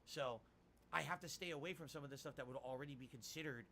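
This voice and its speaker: Animated, rambling middle-aged streamer. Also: male voice, medium pitch, quick pace, slight background noise. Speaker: streamer reading viewer tips. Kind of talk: casual livestream talk.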